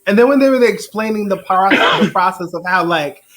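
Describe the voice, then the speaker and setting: A woman on a podcast telling a story in a quick, animated, chatty way. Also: medium pitch. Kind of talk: casual podcast chat.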